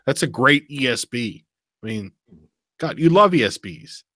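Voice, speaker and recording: Male podcast host, bright and dry, animated casual storyteller. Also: mid-range voice, measured pace, dry recording. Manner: animated storyteller, swears freely. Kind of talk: casual chat.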